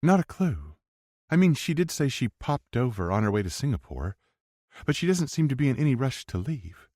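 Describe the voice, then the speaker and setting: A man voicing an eager, affectionate young woman with a soft, lifted questioning tone. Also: mid-range voice, sing-song, moderate pace, no echo, clean studio sound, pitched above the performer's own voice. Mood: tender.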